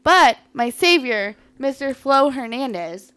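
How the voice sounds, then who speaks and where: A woman comedian co-hosting a podcast, telling a story in casual chat, animated, blunt and profane. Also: high voice, slow, clear, resonant tone.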